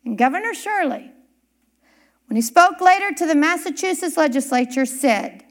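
A woman preaching a sermon, telling a historical story with dramatic pauses and emphasis. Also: sits high, animated. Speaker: church speaker.

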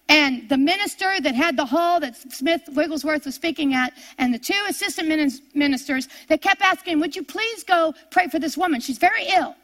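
A woman preacher telling a story in a sermon, pleading and slowing to drawn-out emphasis. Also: high voice, bright, forceful tone.

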